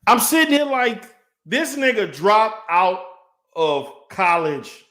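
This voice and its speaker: A man's voice: high-pitched, big pitch swings, slow, bright, forceful tone. A man ranting in a response video, profane and mocking, heated and insulting. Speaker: online commentator. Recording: echoey room.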